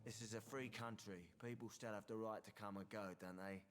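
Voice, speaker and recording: A man's voice: lowish voice, fairly even intonation, brisk, natural voice. An actor playing a drunk, cynical male bar patron in a video game, sardonic and dismissive.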